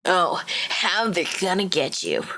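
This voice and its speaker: A woman's voice: fairly low pitch, wildly swooping pitch, a little slow, bright, forceful tone, voice pushed down, heavily acted, low-quality recording. A woman voicing a taunting young male camp bully with a put-on Australian accent, reading from a story game. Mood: menacing. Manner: taunting, menacing.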